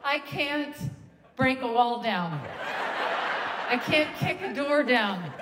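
A woman stand-up comedian telling a story live on a theater stage, in a halting, rambling, self-interrupting way. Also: high voice, animated. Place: theater stage before a laughing audience. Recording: long hall reverb, loud crowd and noise.

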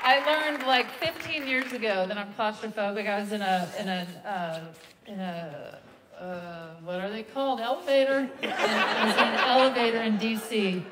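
A woman stand-up comedian telling a story live on a theater stage, in a halting, rambling, self-interrupting way. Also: mid-range voice. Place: theater stage before a laughing audience. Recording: long hall reverb, loud crowd and noise.

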